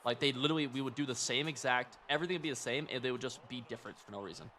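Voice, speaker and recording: A young man streaming a football video game, chatting and reacting in casual gameplay commentary, swinging from muttering to yelling. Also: medium pitch, racing, a little hiss or hum. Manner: excitable, talks to himself and the opponent, jumps from mutters to yells.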